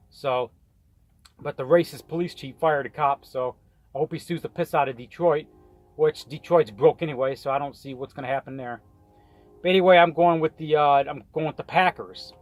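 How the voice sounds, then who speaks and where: A man casually ranting and rambling through his weekly football picks, swearing often and tripping over his words. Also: on the high side. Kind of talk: casual rant. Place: in a truck on the road.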